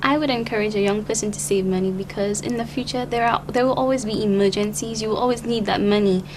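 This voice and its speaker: Giggly eighteen-year-old pageant contestant. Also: female voice, mid-range voice, quick pace, darkish tone, low-quality recording. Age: teens. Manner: giggly, polite, composed answers. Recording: faint background noise.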